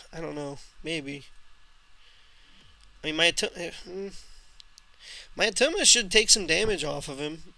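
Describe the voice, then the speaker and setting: Young guy streaming a game, pretty high voice, super bright and sharp, grumbles and swears at the game. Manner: frustrated, swearing, talks to himself and chat. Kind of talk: casual live gameplay commentary.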